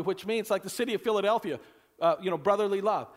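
A man's voice: high voice, quick pace. A man preaching a casual, conversational sermon to a congregation, rambling and folksy, full of asides and jokes. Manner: folksy, rambling, leans on "you know", cracks jokes. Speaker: pastor.

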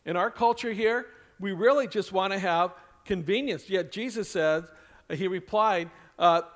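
A male pastor preaching a sermon in a conversational style, with lively asides and acted-out quotes. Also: high voice, unhurried.

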